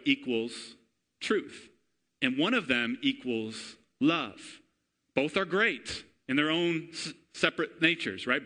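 A man in his thirties preaching a sermon to a congregation, energetic and chatty, often calling out for amens and asking the room questions. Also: on the high side. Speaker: pastor. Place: church before a congregation.

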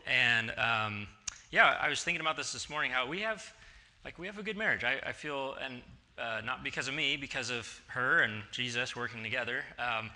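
A man in his forties, a pastor, giving a relaxed, conversational sermon in a church and acting out bits of dialogue as he tells stories. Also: medium pitch, normal speed. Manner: chatty storytelling, acting out dialogue. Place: church sanctuary.

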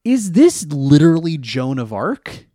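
A man co-hosting a podcast in casual chat, recapping an episode in a rambling, hesitant way and jumping up in pitch on excited questions. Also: measured pace, dry recording, studio quality. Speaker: podcast co-host recapping an anime.

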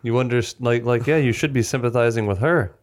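A man co-hosting a podcast, chatting casually about a film in animated bursts with restarts. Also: mid-range voice, fairly quick. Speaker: podcast co-host. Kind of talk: casual film-discussion chat.

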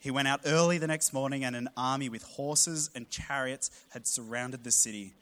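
A man, preaching a sermon with humorous storytelling and animated emphasis. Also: mid-range voice, normal speed. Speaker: pastor.

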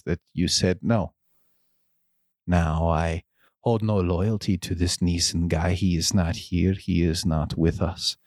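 A man voicing a menacing, smooth-talking jailer who speaks softly and slowly. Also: sits low, dry recording, clean studio sound. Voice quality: soft, slow, threatening.

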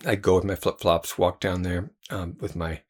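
A man's voice: low-pitched, little pitch movement, normal speed, darkish tone. A man, a Christian trainer and theologian, telling a personal story in a rambling way with many fillers and restarts.

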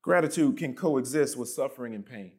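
A man preaching a sermon as pastor, reading scripture and pressing his points with emphatic drops in pitch and volume. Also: lively intonation, a little fast, a little mellow.

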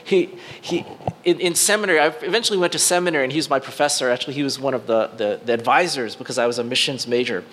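A middle-aged male pastor preaches a sermon built around a personal story, talking fast in a mid-range voice. He restarts often, uses fillers, and swings between excited bursts and hushed, quiet moments, with a little hiss or hum in the recording.

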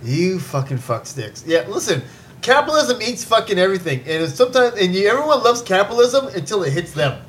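High-voiced man on a profane rant. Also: big pitch swings, quick pace, fairly bright tone, a little hiss or hum. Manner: profane, ranting, exasperated. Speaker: podcast host. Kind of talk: casual podcast rant.

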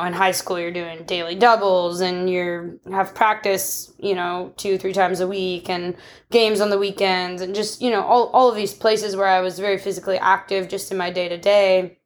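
A young adult woman co-hosting a podcast, talking candidly and reflectively in casual conversation, often restarting and laughing. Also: medium pitch. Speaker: podcast co-host.

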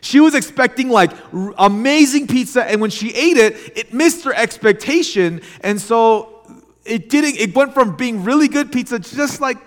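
A young adult man preaching as a pastor, telling a story in a chatty, animated way. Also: very high voice, moderate pace. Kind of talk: sermon with casual storytelling. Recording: long hall reverb.

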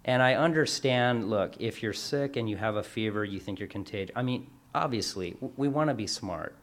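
A man's voice: lowish voice, moderate pace. A man chatting casually as a show's co-host, telling a long work story in a rambling way with self-corrections and acted-out quotes. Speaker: workplace class instructor. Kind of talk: casual chat.

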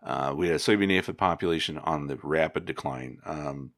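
Man, very low voice, relaxed rambling agronomist, casual advice, dry close sound. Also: brisk, dry recording. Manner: relaxed, rambling, many fillers and restarts.

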